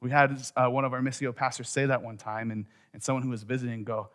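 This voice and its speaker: A middle-aged man preaching a sermon as a pastor in a conversational way, dropping quiet and then rising to loud emphasis. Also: medium pitch, quick pace, hardly any pauses.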